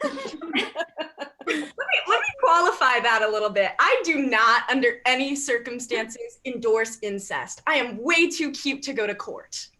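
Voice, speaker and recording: A woman's voice: a little high, unhurried. A young woman doing a stand-up comedy set, bubbly and giggly, laughing through her lines. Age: young adult. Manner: bubbly, giggly, animated delivery.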